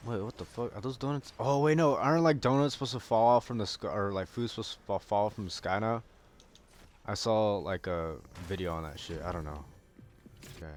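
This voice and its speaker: A young man giving casual, profane gameplay commentary, often bursting into yells. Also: on the low side, fairly quick, a little hiss or hum. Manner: profane, excitable, bursts into yelling. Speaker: gaming video creator.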